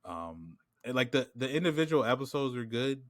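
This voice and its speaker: A podcast co-host with a New York accent rambles through casual chat, packing in "like" and "you know what I'm saying." His mid-range voice is very animated at a normal pace, recorded in a clean studio with no echo.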